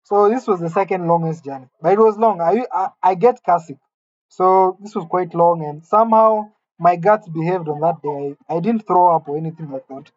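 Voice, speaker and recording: A man's voice: high voice, normal speed, no room sound, muffled recording. A man from Kenya, telling a candid, self-deprecating personal story in a conversational way.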